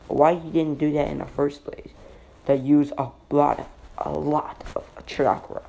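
A man narrating an improvised fan-fiction story in a halting, rambling way with slips. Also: on the high side, flat delivery, gravelly, mellow.

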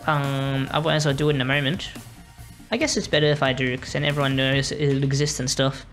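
A woman's voice: extremely low pitch, fairly even intonation, brisk, faint music behind. A young Australian woman streaming a game, chatting to her viewers in a rambling, apologetic way. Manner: rambling, apologetic, talking to chat while playing. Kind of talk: casual live-stream chat.

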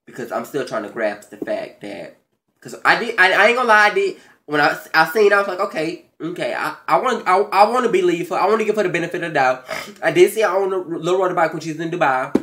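A man hosting his own video channel, giving a casual, profane, animated recap of a reality show, with big jumps in pitch and loudness and excited stammers. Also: quick pace. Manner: stammers and restarts when excited. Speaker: YouTube show recap host.

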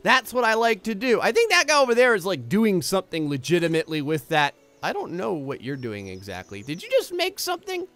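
A young man giving casual commentary on a building game he is playing, excitable and jumping between mumbled asides and loud exclamations. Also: high-pitched, fairly quick, few pauses, no room sound. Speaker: gameplay YouTuber.

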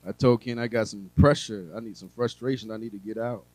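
Man preaching, quiet then loud. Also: lowish voice, fairly even intonation, no echo, poor audio. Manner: conversational preaching with humor and asides to the audience; swings between quiet, drawn-out phrases and loud emphasis. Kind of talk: sermon.

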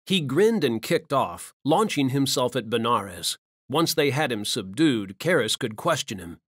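Expressive male audiobook narrator. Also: medium pitch, a little slow, husky, dry recording, clean studio sound. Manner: dramatic, expressive. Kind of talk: scripted narration.

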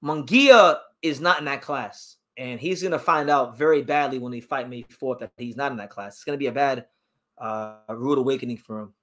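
A man's voice: mid-range voice, normal speed, fairly bright tone. Emphatic man ranting about boxing. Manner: emphatic, opinionated, repeats words when fired up. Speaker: boxing talk show host. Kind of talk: live-stream boxing commentary answering chat.

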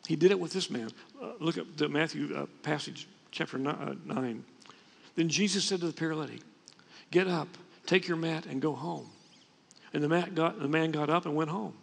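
A pastor preaches a sermon in a church sanctuary, speaking conversationally and often restarting his sentences. His voice is fairly high and gravelly at normal speed. Long reverb from the church hall fills the recording.

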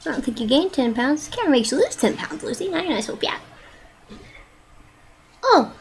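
A woman's voice: high-pitched, expressive, quick pace, darkish tone, slight background noise, low-quality recording. A young woman rambling playfully into her webcam at home and cooing at her pets. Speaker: vlogger. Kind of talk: casual webcam chatter.

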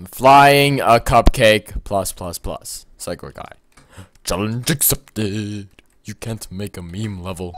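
A man doing gaming commentary, excitable, yelping and shouting at what happens in the game. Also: on the low side, takes it slowly. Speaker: let's play gamer.

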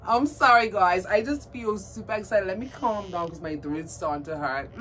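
A woman vlogging about her doll collection in a casual unboxing chat, gushing and excitable, cooing at a doll in baby talk. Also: medium pitch, normal speed. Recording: distant mic with faint background noise.

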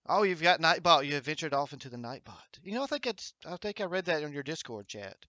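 A man's voice: a little high, big pitch swings, fast talker, sharp tone, no room sound, dull audio. A man hosting a gaming livestream at home, chatting upbeat and encouraging while reading viewer comments aloud. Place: home streaming setup with green screen.

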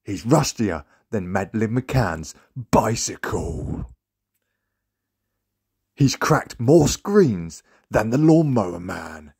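A man's voice: fairly low pitch, big pitch swings, takes it slowly, creaky, a little mellow, husky. A young adult man hosting a gaming channel, delivering a comedic roast tier list with mocking banter and dramatic announcer-style reveals.

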